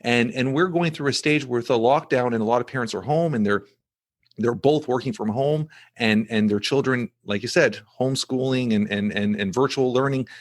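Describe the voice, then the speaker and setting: A middle-aged man hosting a podcast, telling a family story in an animated way with many restarts and repeated words. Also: medium pitch, normal speed. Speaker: podcast host. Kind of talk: casual podcast conversation.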